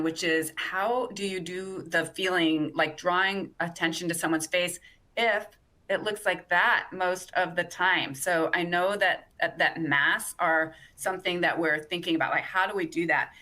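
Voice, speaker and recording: Bright, lower-pitched woman presenter. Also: moderate pace. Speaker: webinar presenter. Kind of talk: explaining, answering audience questions.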